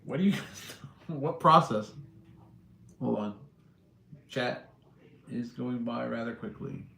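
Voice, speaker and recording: A man's voice: medium pitch, slow pace, gravelly, sharp tone, echoey room. A middle-aged man hosting a casual live chat, blunt and profane, chuckling as he answers comments. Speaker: livestream host.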